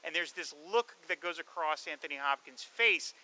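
A man with a very bright, fairly high voice, chatting casually about a movie. He retells scenes with energy and slips into the characters' lines as he goes. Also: normal speed, rough recording. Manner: animated storyteller, acts out quoted lines. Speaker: podcast co-host. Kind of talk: casual film discussion.

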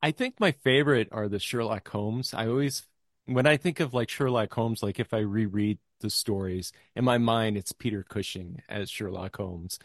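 A man's voice: on the low side, normal speed, no echo, studio quality. Chatty man telling a story. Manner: storytelling, acts out quoted voices. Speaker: podcast guest. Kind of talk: casual podcast chat.

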